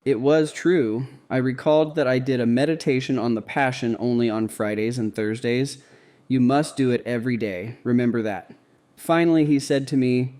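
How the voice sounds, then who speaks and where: A man reading a devotional diary aloud in first person, calm and measured. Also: mid-range voice. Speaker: narrator.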